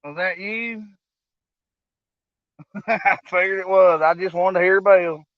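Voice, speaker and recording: A man's voice: high voice, fairly even intonation, a little slow, no room sound, lo-fi sound. A man hosting a fishing vlog, chatting casually in a laid-back, joking drawl. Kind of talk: casual chat.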